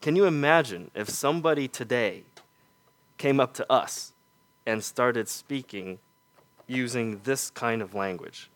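A man preaching a sermon, earnest and full of rhetorical questions, letting his voice fall soft on key points. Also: medium pitch, unhurried.

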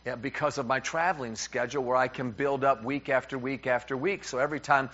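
Middle-aged New preacher, man; lively storyteller who acts out both sides of a conversation, slightly dull recording. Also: medium pitch, fast. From New York. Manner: animated, repeats words, acts out dialogue. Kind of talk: humorous sermon storytelling. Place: church.

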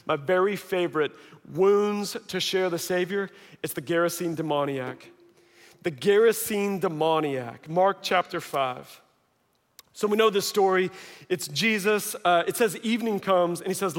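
A man with a fairly high voice delivers a storytelling sermon. He acts out the voices in the story and swings from hushed lines to shouting. The sound carries a long hall reverb. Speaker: preacher.

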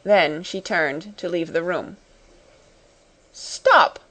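Lady audiobook narrator, classic story, slow steady delivery. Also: medium pitch.

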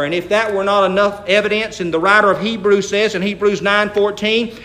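Male pastor, sermon delivery, emphatic on scripture, bright tense tone, echoey room. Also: high-pitched, steady tone, a little fast, hardly any pauses. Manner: storytelling, rising to emphatic scripture reading.

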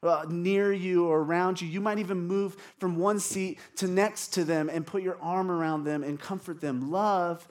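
A preacher giving a relaxed, conversational sermon. The pastor talks as if chatting with the room and pauses to put questions to the congregation. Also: mid-range voice.

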